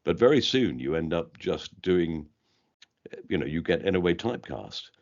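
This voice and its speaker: An older man speaks in a deep, low register with a polished, trained posh English accent. He muses and circles back on his thoughts as a guest in a relaxed interview, and the recording sounds dull and lo-fi. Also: moderate pace. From London, England. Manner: reflective, rambling with many restarts. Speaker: interview guest, comedy actor. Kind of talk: casual chat.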